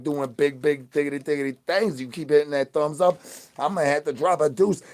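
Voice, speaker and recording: A man's voice: mid-range voice, darkish tone. A man, streaming in a goofy, rambling patter full of nonsense words and catchphrases. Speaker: streamer in zombie persona.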